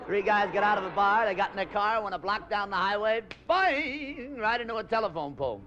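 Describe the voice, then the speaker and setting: A man's voice: high-pitched, expressive, brisk, pushed and bright, highs cut off, slight background noise. A man telling bawdy stand-up jokes with punchy timing. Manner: punchy joke delivery with accented punchlines. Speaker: stand-up comedian.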